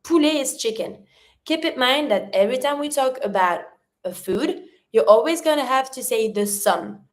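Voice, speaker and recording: A woman's voice: sits high, animated. Upbeat woman teaching vocabulary. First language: French. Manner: slows down to model words clearly. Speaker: French teacher. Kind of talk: online language lesson.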